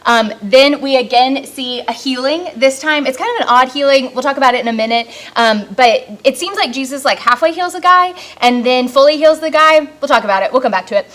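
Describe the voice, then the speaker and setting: High-voiced young woman co-hosting. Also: fairly bright tone. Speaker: co-host. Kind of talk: casual livestream Bible teaching.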